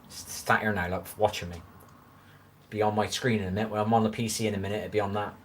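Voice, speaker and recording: A man's voice: on the low side, steady tone, fast, a little hiss or hum. A man in his forties with a strong West Country accent, chatting casually on a home livestream and rambling as he answers viewers' comments. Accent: West Country English. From England. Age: 40s. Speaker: livestream host. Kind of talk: casual live-stream chat. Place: room at home.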